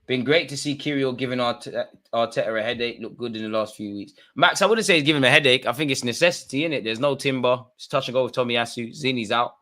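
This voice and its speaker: A man runs a live football watch-along, talking the match through in slangy banter. His voice is bright and forward. He swings from muttered asides to excitable shouts at the referee. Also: medium pitch. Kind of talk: live match reaction commentary.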